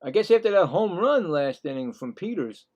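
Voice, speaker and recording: A man calling live baseball play-by-play in a slightly higher register. He chats casually between pitches and gets louder and more excited when the action picks up. Now and then he voices the players' thoughts in quick asides. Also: dull audio. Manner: excitable, jumps louder on big plays, chatty asides. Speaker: play-by-play commentator.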